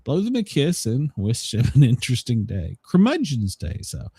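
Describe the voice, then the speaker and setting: A man's voice: medium pitch, moderate pace, breathy edge, no room sound, studio quality. A man hosting a casual podcast who tells stories with a lot of chuckling and acts out other people's lines. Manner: animated storyteller, chuckling, mimicking people. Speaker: podcast host. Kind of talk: casual chat.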